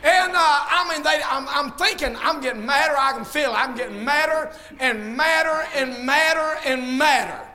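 A man preaching at full volume, with a very high, piercing voice. He shouts his points, then drops into folksy, joking asides. It is a fiery sermon from the pulpit. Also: moderate pace, few pauses. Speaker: pastor.

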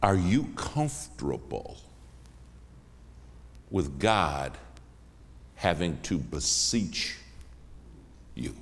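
A man preaching a sermon as a guest in a church, emphatic, swinging between hushed and raised lines. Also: low voice, big pitch swings, drawn-out words, long pauses. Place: church sanctuary. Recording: long reverb of a church hall.

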